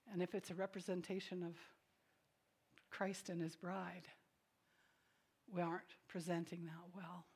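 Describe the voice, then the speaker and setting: A woman preaching a sermon in a conversational way, asking the congregation questions and adding quiet, joking asides between emphatic statements. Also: fairly low pitch. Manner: swings from emphatic declarations to soft, quiet asides.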